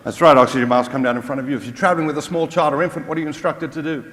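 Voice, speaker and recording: A man's voice: fairly high pitch, fairly even intonation, rapid-fire, hardly any pauses, a bit bright. A man giving a humorous motivational Catholic talk to a crowd, mocking and full of rhetorical questions. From Australia. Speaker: Catholic speaker. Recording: long hall reverb.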